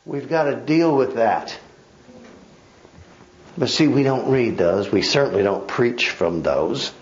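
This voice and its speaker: In a church, a male pastor leads a Bible study sermon, emphatic yet conversational, with wry asides to his congregation. His mid-range voice is expressive and slow-paced, and the recording's highs are cut off.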